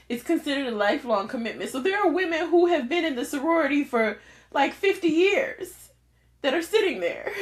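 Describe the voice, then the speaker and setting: A woman co-hosting a podcast, chatting casually and animatedly, often laughing as she tells a story. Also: sits high. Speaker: podcast co-host.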